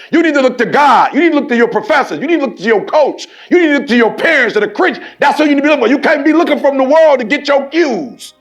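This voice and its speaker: A man giving a motivational speech to a sports team, preachy and punchy with lots of repetition, swinging from quiet storytelling to shouting. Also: extremely high pitch. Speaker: motivational speaker.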